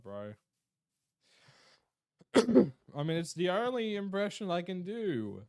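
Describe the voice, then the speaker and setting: Lively joking young male streamer. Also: on the high side, vocal fry, smooth, no echo, clean studio sound. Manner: jokey, swears a lot, greets chat. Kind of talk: casual live-stream chat.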